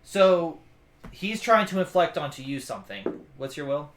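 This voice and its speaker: A man running a tabletop game, working out rulings out loud with quick restarts. His voice sits somewhat high for a man. The recording has a roomy echo. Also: sing-song, noisy background. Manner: explains rules, thinks aloud with restarts. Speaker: game master.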